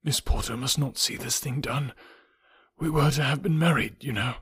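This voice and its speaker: A man voicing a polite, dying young English gentleman who speaks weakly and breathily. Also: medium pitch, normal speed, no echo, studio quality, pitched above the performer's own voice. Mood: quiet, weary. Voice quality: weak, breathy.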